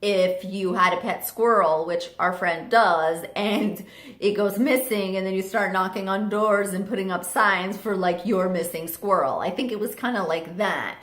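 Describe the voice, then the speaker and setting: A young woman telling a chatty storytime vlog story, animated with lots of fillers. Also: mid-range voice, normal speed. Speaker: vlogger. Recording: roomy echo.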